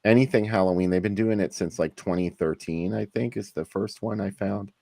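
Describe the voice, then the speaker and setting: A man hosting a podcast, chatting in a relaxed way and enthusiastically recommending things. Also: fairly low pitch, brisk, gravelly, dry recording. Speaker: podcast host. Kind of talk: casual chat.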